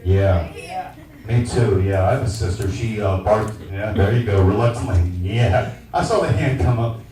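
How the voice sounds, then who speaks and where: A man in his forties doing a stand-up comedy set in a small lounge, loud, brash and crude. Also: fairly low pitch, moderate pace. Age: 40s. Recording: echoey venue miked from a distance.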